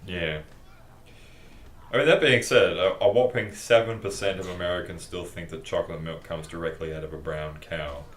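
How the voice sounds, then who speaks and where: A man's voice: deep voice, normal speed, a bit bright, slight background noise. A young man chatting casually during a let's play, with dry, blunt banter. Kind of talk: casual gaming chat. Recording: echoey room.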